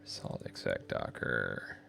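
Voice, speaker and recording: A man's voice: slow pace, bright, forceful tone. A man hosting a developer livestream, thinking aloud and muttering to himself as he writes code. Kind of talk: live coding, thinking aloud. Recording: faint music and keyboard typing behind. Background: keyboard typing, faint music.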